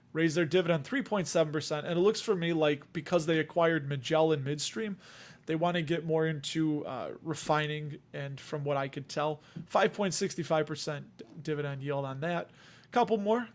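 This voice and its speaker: Male livestream host, slightly higher voice, casual and self-mocking. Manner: chatty, self-deprecating, reads out lists.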